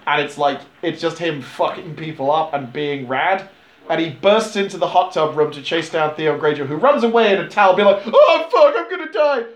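A man's voice: fairly high pitch, moderate pace. A man in casual chat, animatedly recapping a film scene by scene, swearing freely and putting on the characters' lines. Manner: animated retelling with swearing and impressions. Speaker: podcast co-host recapping a film. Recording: roomy echo.

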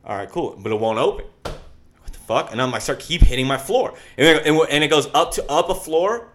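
A young man telling a story in a casual chat, swearing freely and acting out his panic with loud shouts. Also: fairly high pitch, quick pace, slight background noise. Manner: profane, animated storyteller with shouted reenactments.

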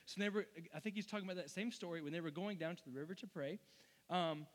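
A man preaching a casual, humorous sermon, animated and conversational, who acts out the story as he reads. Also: high-pitched, quick pace, long reverb tail.

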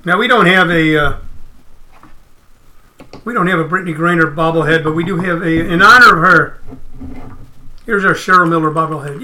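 A man hosting a casual livestream, ranting in an animated, emphatic, profane way. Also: high voice, normal speed, long pauses. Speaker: comedian host.

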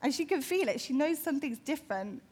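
A woman's voice: high voice, animated, fast, darkish tone. A woman giving a sermon, retelling a Bible story vividly and imaginatively. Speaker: preacher.

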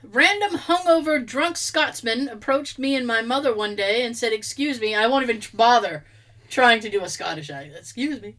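A woman chats in a casual storytelling way, her voice sitting high and swinging widely up and down. She laughs easily and drops the odd swear word as she talks. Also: lively intonation, normal speed, fairly bright tone, low-quality recording. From Boston.

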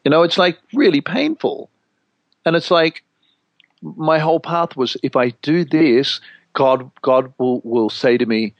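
Animated, swearing man telling stories. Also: a little high, a little slow, no room sound, lo-fi sound. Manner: animated storyteller, swears freely, mimics voices for effect. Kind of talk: casual spiritual conversation.

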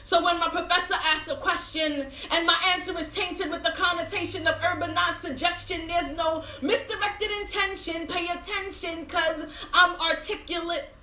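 A woman's voice: extremely high pitch, steady tone, moderate pace, hardly any pauses, bright, forceful tone, echoey room. A young adult woman performing spoken word poetry with a rhythmic, rhyming, emphatic delivery.

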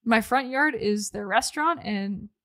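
A woman's voice: on the high side, a little slow, fairly bright tone, no room sound. Chatty woman podcast host, dry sound. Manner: chatty and laughing, self-deprecating. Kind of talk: casual podcast chat.

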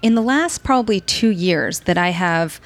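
A woman's voice: lowish voice, expressive, moderate pace, no room sound. A woman guest on a podcast who explains her ideas earnestly and with animation, often adding "you know". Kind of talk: casual conversational interview.

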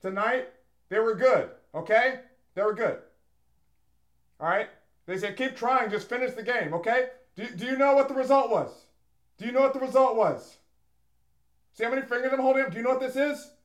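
This is a scornful, bragging football manager, as a man improvises him for laughs. The voice sits very high, and the room rings with echo around it. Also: moderate pace, long pauses. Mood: defiant. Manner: brash, scornful, boastful. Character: defiant male football manager at a press conference. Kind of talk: comic improv impression. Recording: roomy echo.

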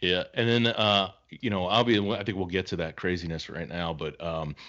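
A very deep-voiced man co-hosting a podcast as a laid-back storyteller who swears casually. The audio is dull and lo-fi. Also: steady tone, moderate pace, a bit bright. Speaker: podcast co-host. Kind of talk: casual chat.

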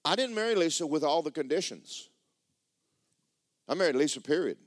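A pastor, preaching a sermon and telling a personal story with emotion, often repeating himself and speaking straight to the congregation. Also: male voice, fairly high pitch, expressive, moderate pace, dry recording, studio quality.

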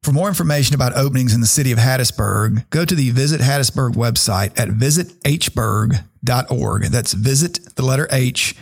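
A man hosting a radio show, relaxed and joking with his guests. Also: mid-range voice, brisk, vocal fry, few pauses, no echo, studio quality. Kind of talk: radio interview.

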